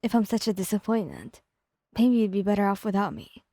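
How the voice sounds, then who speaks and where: A woman voicing an anxious young partner who speaks softly and stammers. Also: mid-range voice, animated, a little fast, dry recording. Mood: hurt, timid. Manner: soft, hesitant and stammering.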